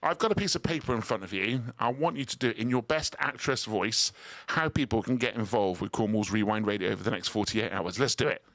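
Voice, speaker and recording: A man's voice: on the low side, fast talker, fairly bright tone, dry recording. A man hosting live radio from a studio, upbeat and teasing with his guests. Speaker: radio host.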